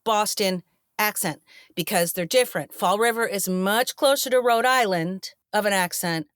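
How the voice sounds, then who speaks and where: Middle-aged woman, animated raconteur, close dry mic. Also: mid-range voice, moderate pace, no echo. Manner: animated storyteller acting out quoted voices. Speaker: actress guest. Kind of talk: casual interview chat.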